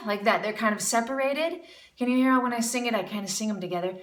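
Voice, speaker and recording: In this music lesson, a woman with a medium-pitched voice and quick pace gives a jazz student encouraging critique, scatting phrases to demonstrate. The sound is roomy, with the mic set far from her.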